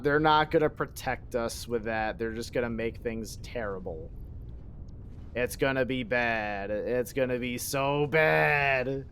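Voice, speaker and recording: A man's voice: medium pitch, fairly bright tone, a little hiss or hum. A man streaming a game live, rambling and joking in casual chat and swearing freely.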